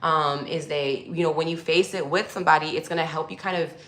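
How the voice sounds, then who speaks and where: Woman spiritual coach, casual teaching to camera with a slightly low voice and a room echo. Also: fairly even intonation, a little fast, fairly bright tone. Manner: loose and conversational, full of fillers, addresses viewers as y'all. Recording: echoey room.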